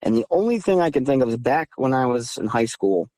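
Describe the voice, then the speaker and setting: A man in his thirties from southeastern Massachusetts tells his story as an interview guest, calling in by phone. His delivery is emphatic and animated, rising in pitch as he relives the tense moments. The sound is dry and close, with an ordinary mid-range voice. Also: a little fast, no echo. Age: 30s. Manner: animated, emphatic retelling, voice climbing when heated. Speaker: guest recounting encounters. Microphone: phone call.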